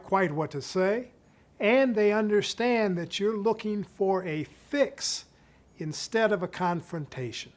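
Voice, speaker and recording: A middle-aged man, a psychiatry professor, giving an instructional talk in a measured, explanatory way and slowing down to stress key points. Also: high-pitched.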